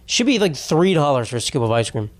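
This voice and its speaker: A man's voice: fairly high pitch, big pitch swings, fast talker. A young man hosting his own podcast, rambling through a casual comedic solo rant, swearing freely and cutting himself off mid-thought. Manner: rambling, jokey, swears freely, self-interrupting. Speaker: podcast host.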